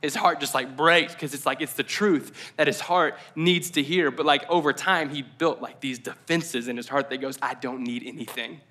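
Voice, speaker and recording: A man preaching a casual, conversational sermon, slowing down for emphasis and adding rambling asides. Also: on the high side, bright, forceful tone. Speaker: pastor. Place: church service.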